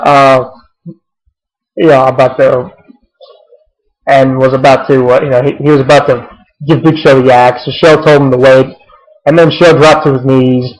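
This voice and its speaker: A man's voice: medium pitch, darkish tone, poor audio. A young man casually recapping a wrestling show, rambling with many fillers and restarts and swearing freely.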